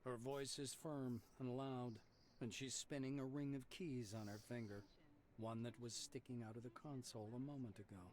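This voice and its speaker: A man reading the narration of a text game aloud in a plain, even way. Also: mid-range voice, normal speed, a little hiss or hum.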